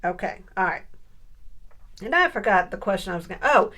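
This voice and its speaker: In a bright, lively mid-range voice, a little fast, a middle-aged woman talks her way through a papercraft tutorial. She muses aloud as she crafts and keeps posing questions to her viewers.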